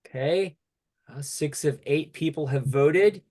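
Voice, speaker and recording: A man facilitating an online workshop over a video call, steady and peppering his speech with "okay". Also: fairly high pitch, takes it slowly.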